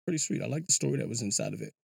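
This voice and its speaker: Rambling, animated podcast host, man. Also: mid-range voice, very fast, no room sound, clean studio sound. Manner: loose and rambling, peppered with "yo" and restarts. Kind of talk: casual solo commentary. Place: small enclosed recording booth. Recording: clear background music.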